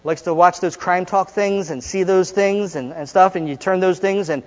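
A man with a high voice preaches to his congregation, joking and chatting one moment and drawing out slow, dramatic lines the next. His voice rings with long reverb through a church sanctuary. The recording is dull and lo-fi, with a mains hum under it. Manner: conversational and joking, with dramatic pauses. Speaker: pastor. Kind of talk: sermon with call-and-response.

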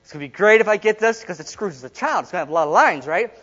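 A man's voice: sits high, expressive, very fast, a bit bright. A middle-aged man preaching a sermon, telling a story and acting out the people in it, laughing often. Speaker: pastor. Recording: dull sound in a reverberant hall.

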